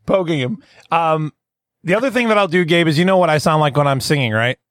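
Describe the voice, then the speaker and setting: A man co-hosts a comedy podcast, telling stories in casual chat as an animated storyteller who laughs often. His voice is on the high side and quick, in a dry recording with clean studio sound.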